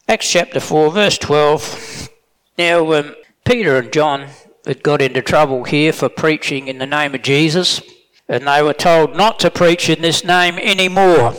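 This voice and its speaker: Male preacher, middle-aged, slightly higher voice, plain and emphatic, restarts sentences, hall reverb. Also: fairly bright tone. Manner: plain-spoken, emphatic, with self-corrections. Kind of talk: sermon.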